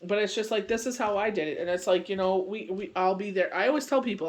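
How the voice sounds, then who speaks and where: Tarot reader, male, high voice, rambling and reassuring, casual. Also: quick pace. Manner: rambling, heavy on "you know" and "like"; earnest and reassuring. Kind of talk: casual daily tarot reading.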